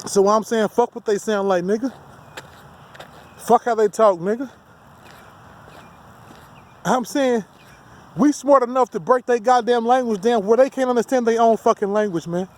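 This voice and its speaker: Heated, rambling man ranting, high-voiced. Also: normal speed, long pauses, darkish tone, a little hiss or hum. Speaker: vlogger. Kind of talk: ranting monologue to camera.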